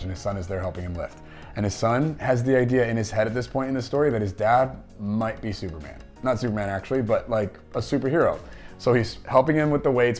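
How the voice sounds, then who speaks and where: A man's voice: fairly low pitch, a little mellow. A man hosting a casual movie commentary, chatting enthusiastically and retelling scenes in his own words. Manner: enthusiastic, conversational, retells scenes with quoted dialogue.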